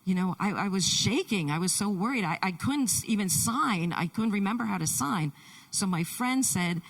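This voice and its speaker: A woman interpreter voicing a Deaf man's testimony in the first person, halting, with many restarts, in a church. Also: medium pitch, recorded from a distance, low-quality recording. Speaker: sign language interpreter.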